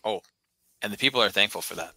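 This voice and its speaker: A man's voice: on the low side, fast, vocal fry, sharp tone, no room sound, rough recording. A man co-hosting a podcast in casual chat, answering in a laid-back, wry way. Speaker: podcast co-host.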